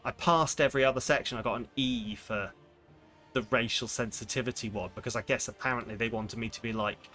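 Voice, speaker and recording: A young man chats on a live stream, sarcastic and ranting as he tells a story. His voice sits at an ordinary middle pitch. Game music plays clearly underneath him. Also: steady tone, fairly quick, bright, forceful tone. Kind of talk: casual live-stream chat.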